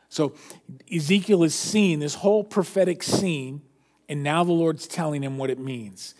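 A man with a fairly high voice preaching a sermon. He reads scripture aloud, sinking low and quiet for the quoted words, then explains it in a loose, conversational way and corrects himself as he goes. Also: moderate pace. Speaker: pastor.

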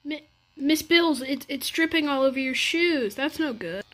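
A woman's voice: high voice, lively intonation, unhurried, a bit bright. A woman doing a comedic reaction to a music video, talking in bewildered, exasperated running commentary with frequent stammered restarts.

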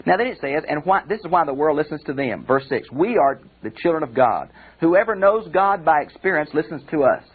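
A man's voice: on the high side, animated, fairly quick, hardly any pauses, slightly rough. Older man teaching Bible, tinny audio. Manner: conversational, addresses listeners as friends. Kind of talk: recorded Bible commentary lecture. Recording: tinny phone-like audio recording.

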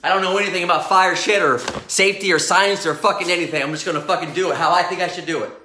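A man talking in an unscripted vlog from his home garage, brash, loud and hyped, swearing constantly. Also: sits high, fairly even intonation, very fast. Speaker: mindset coach and vlogger. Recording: roomy garage echo.

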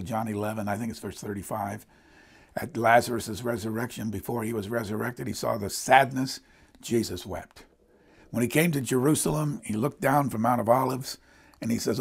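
Gravelly, husky-voiced male preacher. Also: medium pitch. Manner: earnest, emphatic preaching. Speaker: pastor. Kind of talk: sermon.

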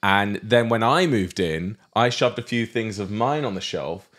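A man co-hosting a podcast from his living room, chatty and animated, quick to laugh. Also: lowish voice. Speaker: podcast co-host. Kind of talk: casual chat.

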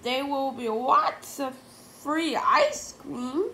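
A woman's voice: sits high, animated, very slow, creaky, pitched above the performer's own voice, heavily acted. A woman voicing a stern, grumpy female teacher close to retirement, barking orders at her class. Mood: snappy. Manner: bossy, shouting orders at the class. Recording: roomy echo, faint noise.

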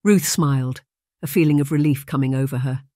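A man narrating a period romance audiobook in a measured storytelling manner on a close microphone. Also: medium pitch, steady tone, warm tone, no room sound. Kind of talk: scripted narration.

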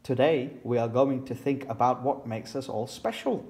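A man's voice: medium pitch, moderate pace, darkish tone, natural voice. Madame Gazelle, a man reading a kindly gazelle teacher.

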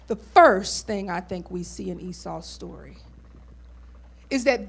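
A woman's voice: on the low side, expressive, a little slow, creaky, long pauses, breathy edge. A woman pastor preaching a sermon in a conversational style, with asides to the congregation.

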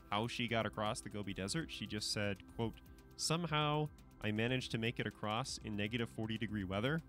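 A man's voice: medium pitch, a bit bright. A man giving casual spoken commentary to camera, conversational and hedging, with frequent fillers and restarts. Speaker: commentary channel host.

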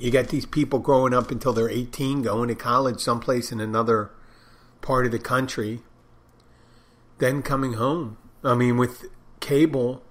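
A man hosting a podcast, talking on his own in a loose, wandering way as he thinks aloud. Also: medium pitch. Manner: rambling, digressive, thinking aloud. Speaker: podcast host. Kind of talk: casual solo podcast monologue.

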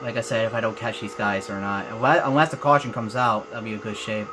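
This young man's voice is on the low side, fairly even in intonation, and quick, with noise in the background. He hosts a racing let's play on his gaming channel, talking to viewers and voicing the same frustration again and again.

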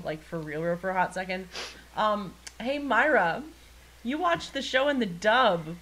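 A young woman co-hosting a podcast, relaxed and casual, steering the chat and swearing now and then. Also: lowish voice, poor audio. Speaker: podcast co-host.

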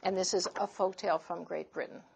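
A woman storyteller reading picture books aloud to children in an expressive voice. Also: lowish voice, brisk, gravelly, husky.

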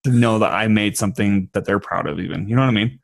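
A man's voice: fairly low pitch, fast, gravelly, no echo, studio quality. A man hosting a podcast, talking in a laid-back, conversational way with filler words. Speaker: podcast host. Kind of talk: casual podcast interview.

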